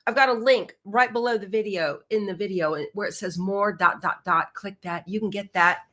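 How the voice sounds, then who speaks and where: Speaking at normal speed with a medium pitch, this middle-aged quilting show host sounds pushed and bright. Her livestream talk is casual, chatty and bubbly, peppered with "y'all."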